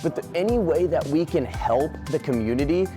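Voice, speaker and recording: A man's voice: on the high side, expressive, a little fast, music in the background. Earnest man speaking about helping neighbors. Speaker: charity organizer. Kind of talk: interview soundbite.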